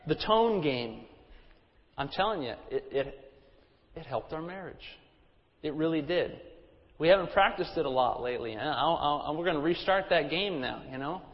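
A man's voice: fairly high pitch, animated, normal speed, in a large hall, muffled recording. A man preaching a sermon, conversational and anecdotal with humorous asides. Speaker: pastor.

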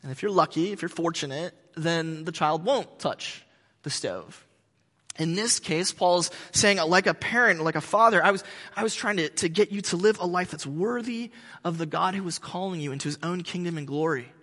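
A pastor preaching a sermon in a conversational way, with joking asides. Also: male voice, sits high, normal speed, a bit bright, long reverb tail.

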